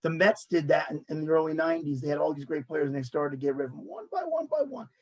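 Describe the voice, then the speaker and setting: A man, hosting a casual sports talk show and ranting in an animated way while mocking others' words. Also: a little high, fast talker, poor audio.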